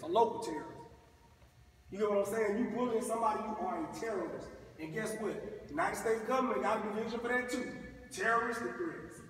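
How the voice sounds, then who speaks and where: A man's voice: high voice, a little hiss or hum. A middle-aged man giving a preachy, colloquial anti-bullying talk to schoolboys, drawing call-and-response. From Mississippi, US. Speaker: motivational speaker. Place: school gym or hall. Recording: echoey hall from far off.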